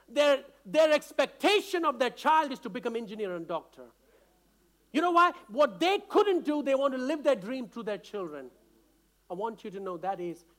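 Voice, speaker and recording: Man, from India, pastor, sermon, very high voice, earnest, emotional, restarts phrases. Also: a bit bright. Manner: earnest, impassioned preaching with repeated restarts.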